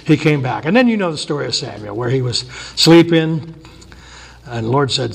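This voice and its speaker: Folksy, higher-voiced man preaching a sermon. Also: lively intonation, vocal fry, slightly rough. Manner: casual and folksy, acts out biblical characters in quick voices. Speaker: pastor.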